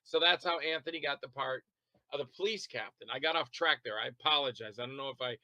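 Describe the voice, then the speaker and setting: A man chatting as an interview guest, telling long rambling stories about making films, quick to laugh and to act out what others said. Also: medium pitch, pushed and bright, no echo, rough recording. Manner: rambling anecdotal storytelling. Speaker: interview guest, independent filmmaker and actor. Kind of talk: casual interview chat.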